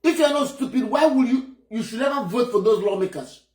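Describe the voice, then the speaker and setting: A man's voice: very high-pitched, animated, brisk, darkish tone. Indignant Nigerian man, roomy sound. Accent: Nigerian English. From Nigeria (Enugu State). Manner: indignant, emphatic, blunt. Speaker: political commentator. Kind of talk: heated political commentary. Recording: roomy echo.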